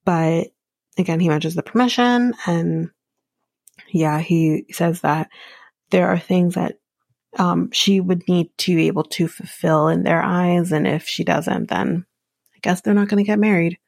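A woman's voice: fairly low pitch, unhurried, gravelly, a little mellow, no room sound. A woman podcast host giving a casual TV episode recap, chatty with wry sarcastic asides.

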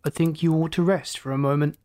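A man's voice: a little high, normal speed, lightly acted. A reader voicing a cool, mocking male villain who drawls his threats in a storybook reading. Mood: cool menace.

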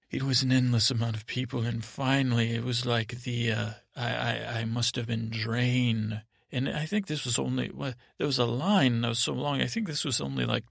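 A man with a gravelly, heavily creaky voice tells a drifting, improvised bedtime story. He wanders and restarts his sentences, tossing in fillers and lightly putting on voices for the people in it. The sound is dry and close to the mic. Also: medium pitch, no echo. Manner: meandering, full of restarts and filler, slips into soft put-on voices. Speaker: podcast host and storyteller.

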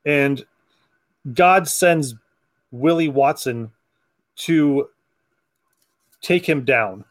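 A man's voice: on the high side, drawn-out words. A man hosting a comic book podcast, chatting casually, laughing often and acting out lines from comics. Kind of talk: casual chat.

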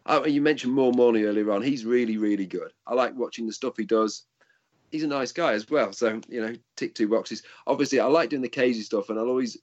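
A man's voice: medium pitch, muffled recording. A middle-aged man who coaches martial arts, chatting casually and telling rambling stories. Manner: rambling storyteller, restarts sentences. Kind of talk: casual chat.

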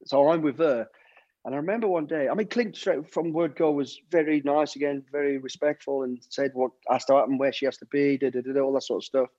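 A middle-aged man swaps stories in a relaxed interview, rambling and restarting as he goes. His voice sits at an ordinary mid pitch. The recording is dull and dry, with no room sound. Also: fairly quick, no echo. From United Kingdom. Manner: rambling, many restarts, acts out quotes. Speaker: former soldier and celebrity bodyguard, guest. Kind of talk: casual storytelling chat.

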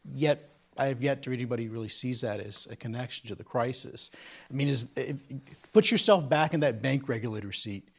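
A man of middle pitch leading a panel discussion. He speaks in a measured way, with small filler words and dry humor.

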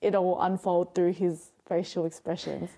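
A woman's voice: lowish voice, normal speed, gravelly. A woman co-hosting a casual podcast chat, telling a story with animation and frequent laughter. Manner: animated storyteller who acts out voices and laughs often. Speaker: podcast co-host.

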